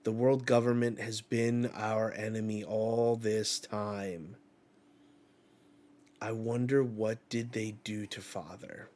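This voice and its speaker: A man's voice: on the low side, steady tone, slow, a little mellow. Guy hosting a live read-along, takes his time, just chatting through the pages. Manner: reads dialogue aloud and narrates panels in a chatty way. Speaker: channel host reacting to a manga chapter. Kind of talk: casual live reading and reaction.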